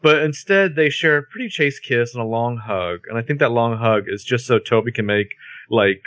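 A man's voice: mid-range voice, moderate pace, fairly bright tone, no echo. A man co-hosting a casual podcast, narrating a TV episode with wry, exasperated jokes. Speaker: podcast co-host. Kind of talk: casual recap chat.

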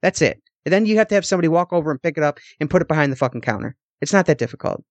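A man's voice: fairly high pitch, animated, rapid-fire, no echo. A young man co-hosting a podcast, telling a long, exasperated story full of swearing in casual chat. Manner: profane, exasperated ranting storyteller. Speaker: podcast co-host.

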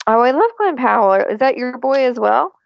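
A woman's voice: high voice, expressive, normal speed, creaky, no echo, highs cut off. A woman co-hosting a podcast in casual, chatty talk with plenty of fillers. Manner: chatty, lots of fillers, laughs often. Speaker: podcast co-host. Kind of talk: casual chat.

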